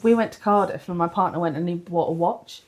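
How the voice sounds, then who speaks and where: A woman co-hosting a book podcast at home, telling stories in a lively way and acting out the voices of the people she quotes. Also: fairly low pitch, fast talker, a loud crowd. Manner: lively storyteller who acts out quoted voices. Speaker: podcast co-host. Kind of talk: casual chat.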